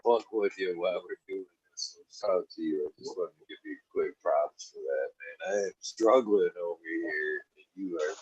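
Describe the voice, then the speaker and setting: Man, very deep husky voice, laid-back host, dry sound. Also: normal speed, hardly any pauses, no echo, lo-fi sound. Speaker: podcast host. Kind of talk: casual chat.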